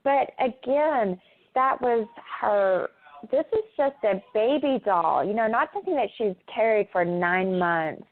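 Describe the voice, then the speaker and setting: Very slow, halting woman on a tinny phone line. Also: fairly high pitch, animated. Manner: hesitant, halting, many filler sounds. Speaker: guest. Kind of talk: casual interview over a call. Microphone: phone call.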